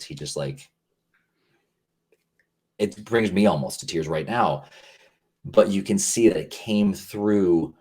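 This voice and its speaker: Low husky man chatting earnestly. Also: a little mellow. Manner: earnest, rambling, many fillers and restarts. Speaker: podcast guest. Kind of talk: casual podcast conversation.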